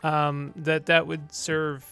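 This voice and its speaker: A man's voice: a little high, monotone, slow, creaky, bright, forceful tone. A man giving casual gameplay commentary, playful and rambling with joking asides. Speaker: let's play host. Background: faint game music.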